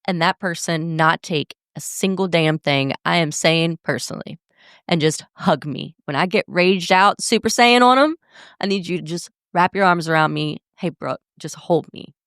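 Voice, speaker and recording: A woman's voice: fairly low pitch, moderate pace, a bit bright, clear, resonant tone, dry recording, studio quality. A young woman hosting a podcast, talking in a candid, blunt way and swearing freely in a casual monologue. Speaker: podcast host.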